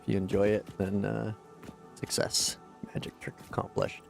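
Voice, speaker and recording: A man's voice: lowish voice, little pitch movement, moderate pace, creaky, faint music behind. A Canadian man in his forties streaming a game, laid-back, muttering at the game and thanking viewers in chat. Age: 40s. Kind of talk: live gameplay commentary with chat.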